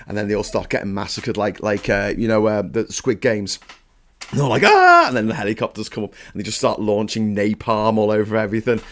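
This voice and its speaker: A man hosting a casual morning live stream, chatting, swearing freely and thanking viewers for their donations. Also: fairly low pitch.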